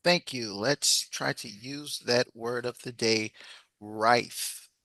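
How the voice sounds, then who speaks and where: A man presiding over an online club meeting, friendly and halting, often restarting his sentences. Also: medium pitch, bright, forceful tone, no room sound. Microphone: video call.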